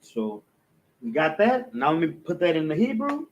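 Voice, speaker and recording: A man teaching a language lesson, writing on a board, slowly sounding out words and correcting his own mistakes aloud. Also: on the high side, huge pitch swings, echoey room. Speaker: class teacher. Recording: dull lo-fi room recording.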